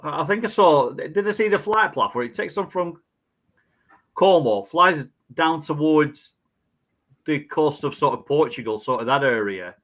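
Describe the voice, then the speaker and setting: A man's voice: fairly high pitch, expressive, unhurried, fairly bright tone. A man co-hosting a casual podcast, telling stories in a rambling way with many restarts. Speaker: podcast co-host. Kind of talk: casual chat.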